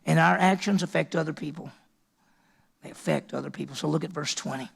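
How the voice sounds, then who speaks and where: A man's voice: on the high side, fairly quick, vocal fry, slightly rough. A male senior pastor preaching a sermon, emphatic and full of rhetorical questions to the congregation.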